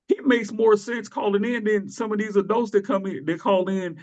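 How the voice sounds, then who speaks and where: A man co-hosts a casual wrestling podcast, his voice sitting a bit high. He tells loose, animated stories, laughs often, and acts out the people he quotes. The recording sounds dull and lo-fi. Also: moderate pace. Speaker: podcast co-host.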